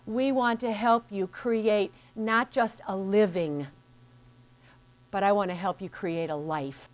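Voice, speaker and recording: Woman, business coach, earnest, direct address, motivational lesson, mid-pitched voice. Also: takes it slowly.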